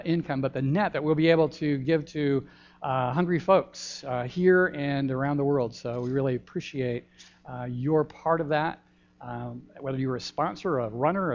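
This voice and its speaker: An older man, a pastor giving a gentle, folksy children's sermon in a church, pausing often with ums. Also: medium pitch. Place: church sanctuary. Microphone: handheld microphone. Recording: dull lo-fi church recording.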